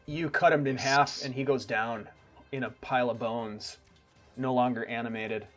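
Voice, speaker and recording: A man's voice: mid-range voice, fairly even intonation, moderate pace, a bit bright, faint music behind. A man running a tabletop game as game master, calling rolls and describing combat in an easygoing way.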